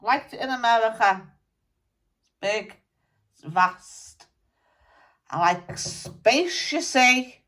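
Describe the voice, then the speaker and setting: A woman's voice: a little high, lively intonation, takes it slowly, long pauses, a bit bright, voice pushed up. Woman channelling a ranting dead rock star. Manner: swearing, scolding, ranting. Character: blunt angry male rock musician spirit. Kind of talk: channelled spirit monologue.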